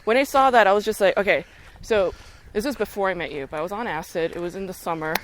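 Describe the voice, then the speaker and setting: A woman in her thirties, a podcast guest, talking in blunt, profane, animated casual chat. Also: medium pitch, fast talker, a loud crowd, rough recording.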